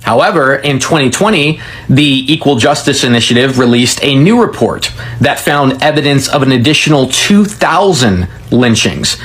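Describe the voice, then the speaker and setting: A man presenting history commentary in a measured, explanatory way. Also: mid-range voice, lively intonation, a bit bright. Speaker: history educator. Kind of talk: scripted commentary.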